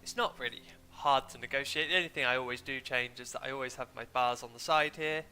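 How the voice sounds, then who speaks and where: A young man from England talks over his game stream in a chatty, meandering, self-deprecating drone, sniffling from hay fever. His voice is medium-pitched, quick, bright and forceful, with a clear, resonant tone. He speaks into a desk mic that he mutes now and then.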